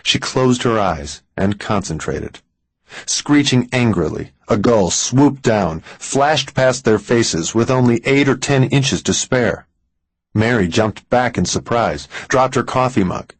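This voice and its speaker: A man reading a thriller audiobook in an even, deliberate scripted narration. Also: mid-range voice, no echo, poor audio.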